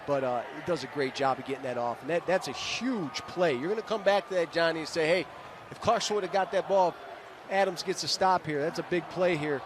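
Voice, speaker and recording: A man's voice: fairly high pitch, a little fast. A man, a former linebacker, giving color commentary who explains plays like a coach. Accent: Michigan. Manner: coaching-minded, explains plays, tags lines with "right?". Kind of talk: live football color commentary. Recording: broadcast booth with stadium noise.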